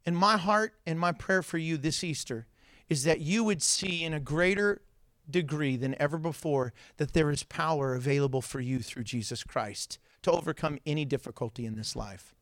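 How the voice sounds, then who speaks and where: A man preaching a sermon as pastor, telling stories in an animated way, with loud, high outbursts, and joking and laughing between points. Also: normal speed, no room sound, studio quality. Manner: animated storytelling, gets loud and high acting out scenes.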